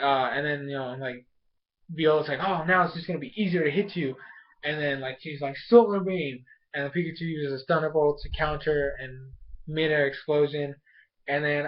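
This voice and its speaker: Full of ums, likes and false starts, a young man with a slightly high voice excitedly rambles through a casual anime episode recap and review. The recording sounds dull and lo-fi.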